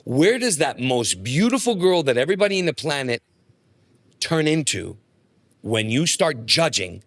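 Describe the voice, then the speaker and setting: With a fairly high pitch and a moderate pace, this middle-aged podcast guest spins casual stories, voicing the characters' lines with animation. There's no echo on the recording.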